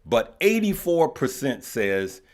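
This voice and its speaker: A man's voice: medium pitch, very animated, takes it slowly. A man from Chicago hosting a casual stock market livestream, chatty and repetitive, greeting viewers as he talks. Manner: chatty, repeats himself, greets viewers mid-thought.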